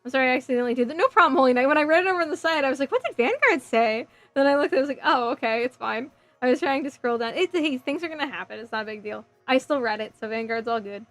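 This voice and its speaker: A slightly high-voiced woman chats loosely with her stream audience while she works, her speech full of fillers and restarts. Her voice has a faint hoarse edge. Soft music plays quietly underneath. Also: rapid-fire, no room sound. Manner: chatty, rambling, frequent fillers and self-corrections. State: voice getting hoarse. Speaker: livestream host building a model kit. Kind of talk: casual stream chat reading viewer comments.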